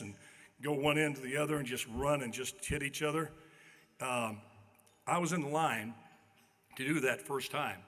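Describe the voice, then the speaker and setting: An older man's acceptance speech at a banquet unfolds as folksy after-dinner storytelling that pokes fun at himself, delivered at a podium microphone in a large hall. His voice is on the high side, pushed and bright, and the banquet hall adds long reverb.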